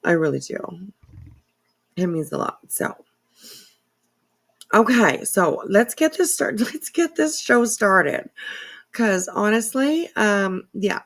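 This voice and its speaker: Woman host, casual home livestream, emotional and sniffly, slow husky-fried delivery. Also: mid-range voice, sing-song. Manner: emotional, tearful, rambling with many fillers. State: teary, sniffling.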